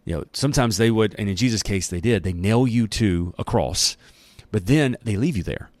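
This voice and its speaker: A man's voice: on the low side, lively intonation, normal speed, a little mellow, no room sound. A man teaching a Bible chapter in a casual, folksy and slangy conversational style.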